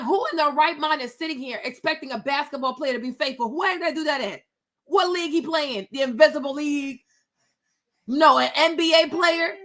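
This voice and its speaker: A woman's voice: high voice, a bit bright. A woman, ranting about celebrity gossip in a sassy, blunt, profane and mocking way. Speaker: commentator reacting to celebrity gossip. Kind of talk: casual rant.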